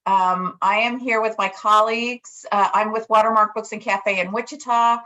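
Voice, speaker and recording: Brief: woman host on a video call, halting with fillers, dull lo-fi sound. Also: medium pitch, steady tone, bright, forceful tone. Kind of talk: hosting a virtual book event.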